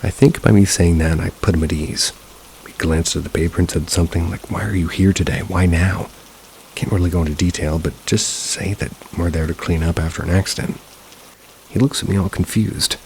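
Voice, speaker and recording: A man narrating a first-person paranormal story in a steady, low-key manner. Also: fairly quick, creaky, a little hiss or hum, poor audio. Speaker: narrator of submitted paranormal stories.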